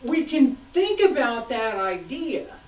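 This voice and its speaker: A woman's voice: fairly high pitch, sing-song, slow, a little mellow. A woman martial arts instructor talking a class through moves, patiently cueing each step as she demonstrates. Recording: roomy sound, mic far off.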